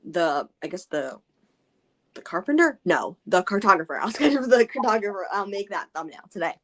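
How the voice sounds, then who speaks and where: A woman's voice: medium pitch, sing-song, fairly quick, fairly bright tone. A woman co-hosting a book club livestream in casual chat, hesitant and often trailing off. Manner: hesitant, trailing off, laughing easily.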